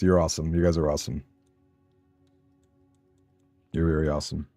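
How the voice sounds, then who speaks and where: A man's voice: a bass voice, animated, quick pace, dark tone, no room sound, clean studio sound, faint music behind. A man streaming a game, chatting with viewers in a rambling, self-deprecating way and laughing often. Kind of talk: casual live-stream chat while gaming.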